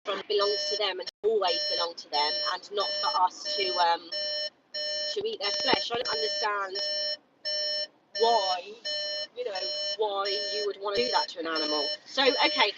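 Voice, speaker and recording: A woman protesting outside a shop, talking angrily and haltingly with many fillers and repeated words. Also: medium pitch, huge pitch swings. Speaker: animal rights protester. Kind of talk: live-streamed street protest vlog. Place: outdoors outside a shop on a street. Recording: dull phone audio, distant, loud street noise.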